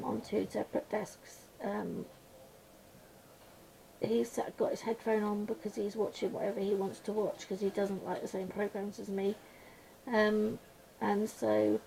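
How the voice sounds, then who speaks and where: A woman chatting casually while she colours at a desk at home, rambling and mumbling quietly to herself, a little blocked up with her voice going gruff. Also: medium pitch, slight background noise, rough recording. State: slightly congested, voice going gruff. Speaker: colouring channel host. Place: small room at home.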